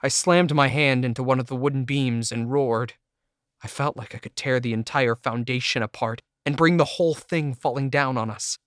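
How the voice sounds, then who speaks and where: A man's voice: mid-range voice, moderate pace, fairly bright tone, no room sound. A man reading a first-person audiobook in an intense, emotional way, close to the mic. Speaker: audiobook narrator. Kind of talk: scripted first-person narration.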